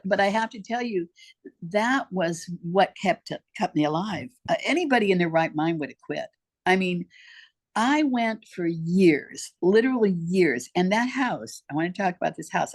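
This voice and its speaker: Older woman telling her story emphatically. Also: lowish voice. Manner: emphatic, repeats herself for weight. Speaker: guest. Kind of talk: personal storytelling in conversation.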